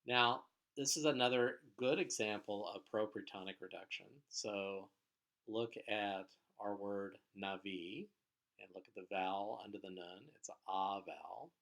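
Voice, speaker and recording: A man teaching biblical Hebrew vocabulary in a recorded lecture, patient and explanatory, with frequent filler sounds and phrases that trail off quietly. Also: fairly low pitch, steady tone, unhurried, gravelly.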